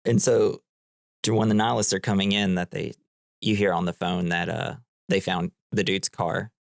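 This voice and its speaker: A man's voice: deep voice, fairly even intonation, moderate pace, gravelly, no room sound, clean studio sound. A man co-hosting a movie podcast, retelling scenes in a loose, rambling way, full of "like". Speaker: podcast co-host. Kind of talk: casual movie-recap chat.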